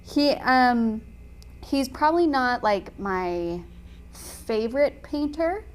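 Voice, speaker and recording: A woman teaching watercolor painting in a chatty, enthusiastic way, often pausing with "um" while she talks. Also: sits high, animated, a little hiss or hum. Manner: chatty and enthusiastic, frequent "um" fillers. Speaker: watercolor instructor. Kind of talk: casual tutorial chat while painting.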